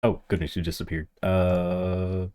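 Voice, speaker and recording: A man's voice: low-pitched, unhurried. A man streaming a game, chatting casually and animatedly to the players with him. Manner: animated, yelps and laughs, chats to other players.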